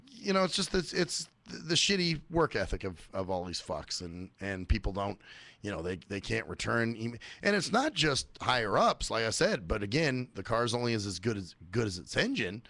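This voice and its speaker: A man's voice: medium pitch, vocal fry, fairly bright tone, no echo. A man hosting a radio show, ranting in a profane, sarcastic monologue. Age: adult working age.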